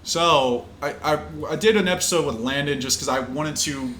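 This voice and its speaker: A man's voice: fairly high pitch, moderate pace, a bit bright, a little hiss or hum. Young man, casual podcast host, loose and profane, echoey room. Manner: loose, swears often, laughs easily. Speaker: podcast host and pro fighter. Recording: echoey room with faint ambience.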